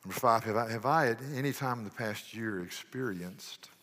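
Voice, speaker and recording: A man's voice: on the low side, moderate pace, fairly bright tone. A man preaching a sermon as pastor, earnest, asking rhetorical questions and often restarting his sentences. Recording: long church reverb.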